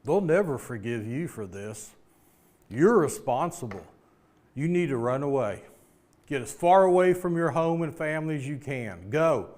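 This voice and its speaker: A man's voice: a little high, expressive, moderate pace, darkish tone, natural voice. Scar, a man doing a scheming lion villain. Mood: taunting.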